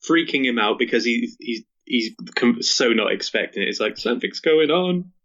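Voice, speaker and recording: A man's voice: medium pitch, moderate pace, bright, forceful tone. A man co-hosting a podcast, joking around in casual chat and tossing in mock quotes. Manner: playful, throws in mock quotes and jokes. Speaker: podcast co-host. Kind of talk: casual chat with jokey asides. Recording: slightly dull lo-fi audio.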